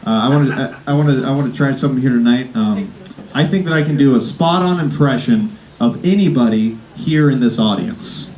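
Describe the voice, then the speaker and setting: Man doing a stand-up warm-up set. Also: medium pitch, a little fast, distant mic, a little hiss or hum. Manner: hesitant, filler-heavy delivery with self-aware jokes. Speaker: stand-up comedian warming up the crowd. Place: comedy club stage before a live audience. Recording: roomy live club sound from off-mic.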